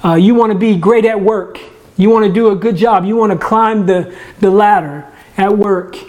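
A man's voice: sits high, moderate pace, darkish tone. A man who leads a church ministry, giving a casual sermon from his own home. He talks in a conversational way, often restarts words and jokes about himself. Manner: conversational, restarts words, self-deprecating humor.

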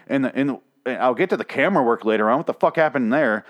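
Swearing, exasperated man ranting fast. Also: medium pitch. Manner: profane, exasperated, rambling; speaks quickly. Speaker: TV episode reviewer. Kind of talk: ranting episode review.

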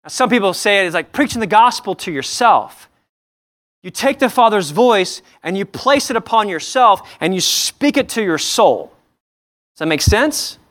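High-voiced man preaching a sermon. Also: expressive, normal speed, a bit bright. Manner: earnest, asks the congregation many rhetorical questions; repeats and restarts phrases as he speaks. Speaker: pastor.

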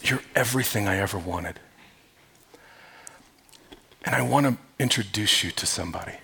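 A man's voice: on the low side, normal speed, gravelly, bright, forceful tone, husky, voice pushed down, heavily acted. A man voicing a doting young bride who speaks in a sweet, pleading way.

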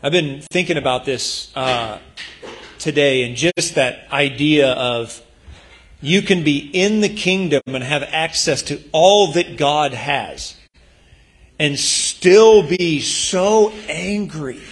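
Earnest man preaching a sermon. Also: a little high. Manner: earnest, conversational preaching with emphatic bursts. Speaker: pastor.

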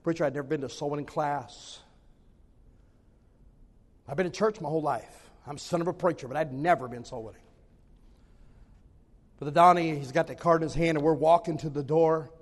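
Man, preacher, high voice, animated sermon storytelling, long church reverb. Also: moderate pace, pauses often. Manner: animated, repeats phrases for emphasis.

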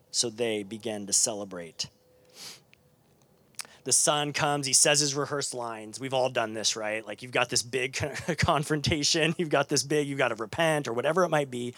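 A man preaching a sermon to a live congregation, chatty and animated, with lots of fillers and restarts. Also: medium pitch, normal speed, dry recording. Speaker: pastor. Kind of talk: conversational sermon.

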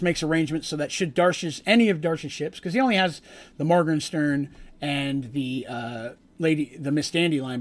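Male game master, casual rambling recap, self-corrects a lot, slightly high-pitched.

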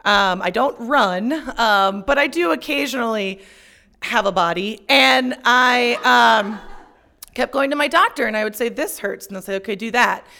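A young woman telling a personal story on stage, profane and self-mocking, shouting out her punchlines. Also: on the high side, normal speed, vocal fry.

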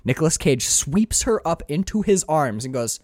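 A man co-hosting a casual podcast chat about a film, animated, acting out quoted lines and swearing casually. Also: moderate pace, no echo, studio quality. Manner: animated, acts out quoted dialogue with big pitch swings, swears casually. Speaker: podcast co-host discussing a film.

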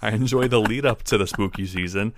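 A man's voice: lowish voice, brisk, slight background noise. A man hosting a casual tabletop role-playing podcast, bantering playfully with his co-host.

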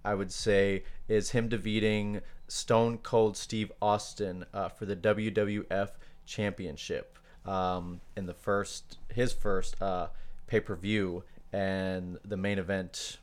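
Casual podcast co-host: a man with a low, smooth voice who talks in halting bursts padded with ums. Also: little pitch movement. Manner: hesitant, many fillers, loses his place.

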